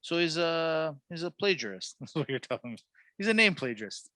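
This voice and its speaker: A man's voice: on the high side, sing-song, brisk, sharp tone, no echo. A man co-hosting a sports podcast, teasing and wisecracking through casual banter. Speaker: podcast co-host.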